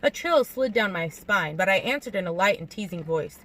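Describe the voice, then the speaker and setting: A woman reading a novel aloud in an audiobook narration, expressive and lively, acting out the dialogue. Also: medium pitch, normal speed, hardly any pauses, low-quality recording. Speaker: audiobook reader.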